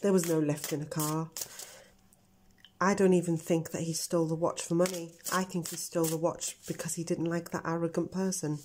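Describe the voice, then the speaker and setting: A woman's voice: fairly low pitch, flat delivery, normal speed, a little mellow, slight background noise. A middle-aged woman giving a tarot reading to her viewers, talking earnestly and speculating about what she senses. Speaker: tarot reader.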